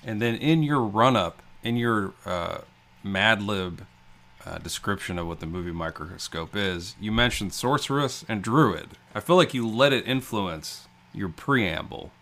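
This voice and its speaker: A man with a lowish voice co-hosting a movie podcast. His tone is bright. He teases his partner and asks a lot of questions in casual chat. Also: measured pace. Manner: inquisitive, teasing banter. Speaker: podcast co-host.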